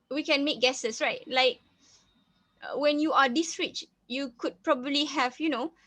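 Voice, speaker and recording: A woman's voice: high voice, fairly even intonation, unhurried, a bit bright, no room sound. A woman with a Malaysian English accent, teaching a reading lesson. She often repeats herself, restarts phrases and slips into Malay. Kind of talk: reading lesson, explaining a story.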